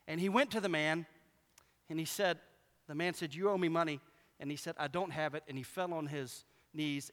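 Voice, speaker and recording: Man, preacher, sermon, high voice, lively storytelling, long echo of a big hall. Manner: animated storytelling, acts out quoted voices.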